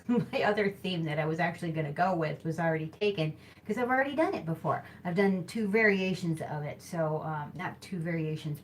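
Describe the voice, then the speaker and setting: Woman, Midwestern accent, lowish voice, chatty live-stream host, rambling, faint background hiss. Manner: chatty, rambling, self-correcting. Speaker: host of a live hula hooping show. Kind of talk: casual live-stream chat.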